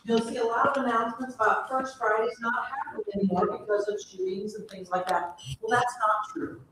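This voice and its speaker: A woman's voice: a little high, fairly bright tone, distant mic, slight background noise. Woman announcing from across an echoey room. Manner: quick, emphatic announcement. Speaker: gallery owner making an announcement. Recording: echoey room, speaker away from the mic.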